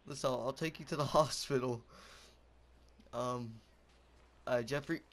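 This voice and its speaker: A man's voice: medium pitch, measured pace, a little hiss or hum. Goofy young man narrating gameplay. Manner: goofy, rambling, yelps and laughs. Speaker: gameplay commentator. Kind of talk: casual gameplay commentary.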